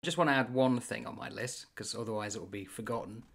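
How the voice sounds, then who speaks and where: Older man, quietly reflective chat. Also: mid-range voice, quick pace, gravelly, slightly rough. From United Kingdom. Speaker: podcast co-host. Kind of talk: casual conversation.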